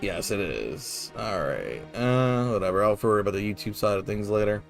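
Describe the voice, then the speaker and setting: A man's voice: fairly low pitch, lively intonation, moderate pace, vocal fry, faint music behind. A man casually commenting while playing a video game, rambling and laid-back with lots of fillers and the odd swear word. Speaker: gameplay streamer.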